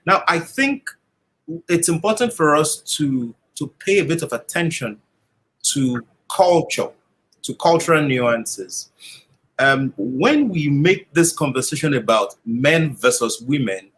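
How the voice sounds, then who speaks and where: A man answering as an interview guest, speaking in a measured, reflective way. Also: on the high side, lively intonation, fairly bright tone, rough recording. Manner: measured, builds points in lists, some restarts. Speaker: interview guest, life coach.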